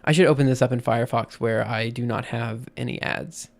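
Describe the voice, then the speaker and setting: A man explaining things casually on a livestream, thinking aloud with frequent pauses and restarts. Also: medium pitch, steady tone, vocal fry. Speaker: streamer.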